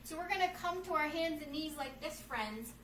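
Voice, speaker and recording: This woman's voice is high-pitched and fairly bright, with lively intonation at a moderate pace. She's reading a storybook while guiding children through yoga poses at home, upbeat and encouraging, and calls them "friends." The roomy recording from a distant mic carries faint ambience plus a little hiss or hum.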